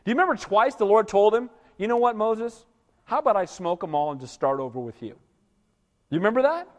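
A male pastor preaching an animated sermon, often asking his congregation "Amen?" for a response. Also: sits high, brisk, in a large hall.

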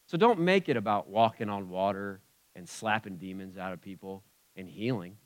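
A man preaching a sermon in a conversational way, swinging between loud emphatic bursts and quiet asides. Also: low-pitched, lively intonation, normal speed. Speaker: pastor.

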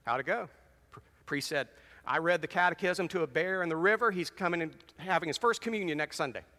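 A man preaching a sermon as pastor, animated, telling jokes and reading scripture with dramatic emphasis. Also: fairly high pitch, a little fast. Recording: long reverb of a large hall.

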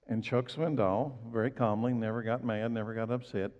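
A man's voice: steady tone, moderate pace. A male pastor giving a conversational sermon, telling stories and rising and falling sharply as he preaches. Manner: conversational, storytelling preacher with big swings in pitch and loudness. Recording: dull recording with long hall reverb.

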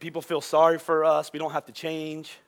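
A male pastor preaching a sermon, telling stories in an animated way with frequent restarts. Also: a little high, fairly quick, creaky.

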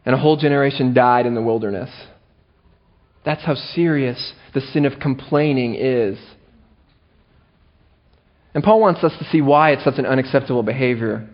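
Animated preacher man, lo-fi sermon. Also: medium pitch, normal speed, long pauses. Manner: animated, playful, self-mocking asides. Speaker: pastor. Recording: dull lo-fi recording.

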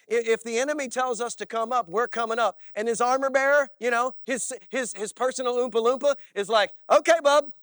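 Guy preaching, animated storyteller, kinda high voice, dry sound. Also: dry recording. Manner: animated storytelling with frequent "all right?" asides. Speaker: pastor. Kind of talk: sermon.

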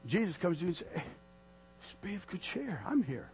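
A man preaching a sermon to a small congregation in a conversational way, swinging from soft to loud and acting out the quotes he tells. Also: sits high, expressive, fast talker, husky. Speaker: pastor. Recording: dull lo-fi sound with mains hum.

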